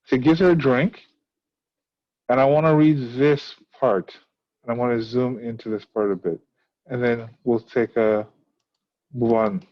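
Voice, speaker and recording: A man's voice: medium pitch, fairly even intonation, a little slow, pauses often, lo-fi sound. A male teacher explaining a play to his class, asking many rhetorical questions. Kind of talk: recorded class lesson on a play.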